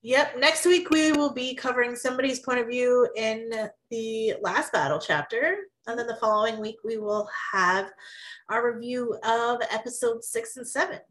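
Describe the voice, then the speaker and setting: A woman's voice: on the high side, a bit bright, low-quality recording. Sick-voiced woman podcast co-host. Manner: brisk, wraps up and announces upcoming episodes. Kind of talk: casual chat reviewing a TV episode.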